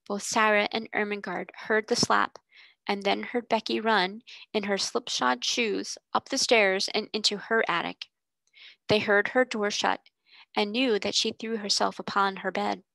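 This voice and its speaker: Female narrator, steady read-aloud storytelling, some vocal fry. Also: mid-range voice, a little slow, dry recording, rough recording. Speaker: tutor reading aloud.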